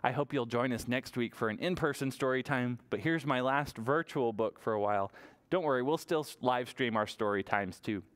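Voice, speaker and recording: A man leading a virtual toddler story time as a children's librarian, talking in an animated, sing-song way to small children. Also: medium pitch, normal speed.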